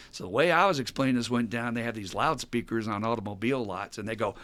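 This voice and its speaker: Animated, profane male podcast host. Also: medium pitch, fast talker, hardly any pauses, no room sound. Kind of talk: casual chat.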